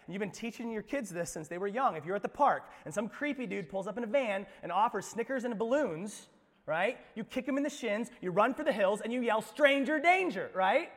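A male pastor preaching a sermon, animated, swinging between loud emphasis and hushed asides. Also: high-pitched, fairly quick, in a large hall.

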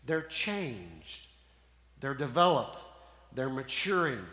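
A pastor preaching a sermon with call-and-response, his voice swinging from loud to hushed, in a church sanctuary. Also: mid-range voice, sing-song, slow pace. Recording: echoey church hall.

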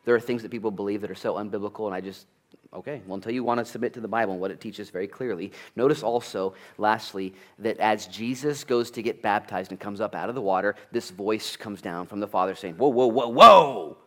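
A male pastor preaching a sermon in an animated, conversational way, with jokes, asides and sudden loud bursts. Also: fairly low pitch, fast. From United States.

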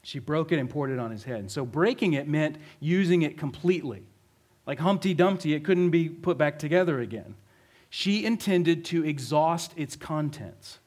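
A man preaches in a relaxed, conversational way, painting a scene and tossing out questions to his listeners. His voice sits somewhat high for a man. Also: normal speed. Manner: conversational, vivid storytelling with rhetorical questions. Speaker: pastor. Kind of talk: sermon.

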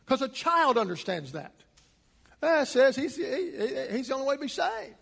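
A pastor with a high, light voice delivers an emphatic sermon, pressing his points with rising force. His words ring out with a long reverb, as in a large hall. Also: sing-song, normal speed, gravelly, a bit bright, slightly rough. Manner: emphatic, rising to a preaching pitch.

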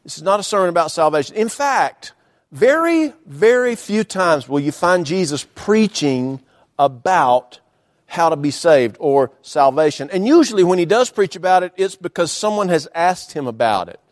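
A man preaching a sermon from the pulpit of a church, using dramatic pauses, emphatic repetition and folksy humor. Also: a little high, sing-song. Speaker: pastor. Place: church sanctuary.

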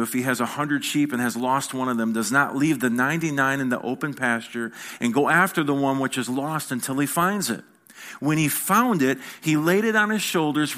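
Pastor preaching conversationally. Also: male voice, mid-range voice, a bit bright. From United States. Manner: conversational preaching, rhetorical questions, repeats words. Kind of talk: sermon.

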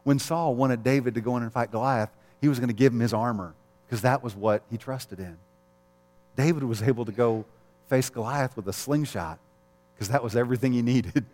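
A middle-aged pastor preaches a sermon in a candid, conversational style, sharing personal stories and chuckling often. His voice is medium in pitch, a little mellow, and at normal speed. The long reverb of a large hall surrounds the recording.

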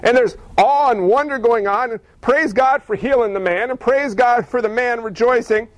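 A man preaching a sermon in a lively, animated way, acting out the people in the story he tells. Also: very high voice, moderate pace, poor audio. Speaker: pastor.

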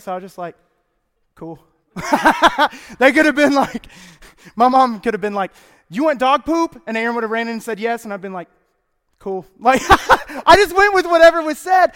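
High, playful youth pastor in echoey church. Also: male voice, fairly bright tone. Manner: chatty, playful, laughs often. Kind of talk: casual humorous sermon. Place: church sanctuary.

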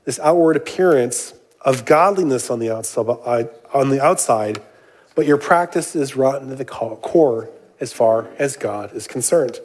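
A man's voice: medium pitch, lively intonation, measured pace, a little mellow. Man preaching with casual asides. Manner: reads scripture aloud, then explains it with casual asides and jokes; frequent "uh" and "um" fillers. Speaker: pastor. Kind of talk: sermon.

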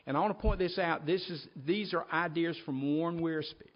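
A man's voice: fairly high pitch, moderate pace. A man preaching a sermon, reading scripture aloud and earnestly addressing his listeners as folks. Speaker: pastor. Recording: dull lo-fi recording.

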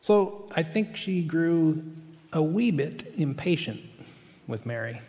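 A man's voice: fairly high pitch, expressive, slow, warm tone. Male pastor, sermon, conversational, fillers and restarts, long hall reverb.

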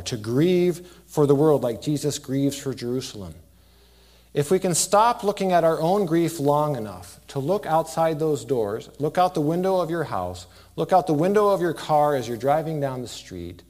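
A man preaching a sermon as pastor in a church, earnest, rising to loud emphasis and dropping to hushed near-whispers. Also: a little high.

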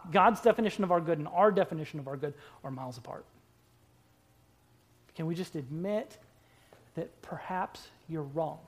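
A pastor preaching a sermon, emphatic, stretching out words and breaking into sudden loud bursts, with playful asides to the congregation. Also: medium pitch.

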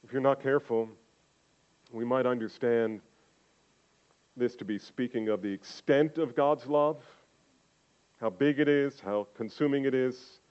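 Delivering a sermon, an older male pastor speaks with slow emphasis, rising to loud proclamations and dropping into hushed, intimate asides. The lo-fi recording captures a medium-pitched voice.

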